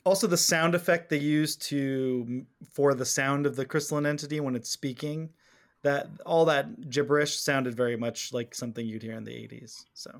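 A man in his forties co-hosting a casual chat podcast, animated and laughing often as he quotes lines. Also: medium pitch, moderate pace. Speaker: podcast co-host.

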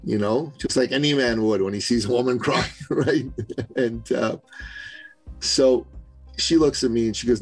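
A man from Canada, a business coach, telling an animated story as a podcast guest and acting out the voices of the people he quotes. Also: mid-range voice, moderate pace, soft background music, low-quality recording. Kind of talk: storytelling interview.

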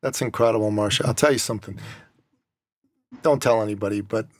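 A man's voice: on the low side, steady tone, fairly quick, darkish tone, slight background noise. A man hosting a podcast, chatting eagerly with his guest. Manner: eager, enthusiastic interjections. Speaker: podcast host. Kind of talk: casual interview chat.

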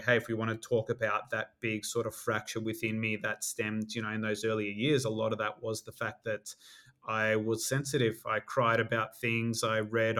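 A man who works as a life coach, speaking as a podcast guest in a measured, reflective way with many "you know" fillers. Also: lowish voice, a bit bright. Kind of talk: reflective interview talk.

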